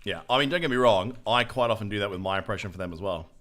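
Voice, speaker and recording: A young man streaming a game, chatting casually with a relaxed, joking manner and casual swearing. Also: on the low side, fast. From Australia. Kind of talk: casual gameplay chat.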